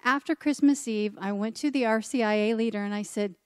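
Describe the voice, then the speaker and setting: A woman speaker at a church gathering, telling her personal faith testimony as a lively story and acting out the dialogue. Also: on the high side, a little fast, smooth, dry recording. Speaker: conference speaker at a church event.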